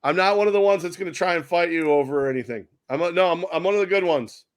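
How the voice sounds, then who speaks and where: A man's voice: high-pitched, fast, dry recording. A man co-hosting a casual sports podcast, telling rambling stories full of acted-out quotes and cursing. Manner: animated storyteller acting out quoted people, swears freely. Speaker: podcast co-host.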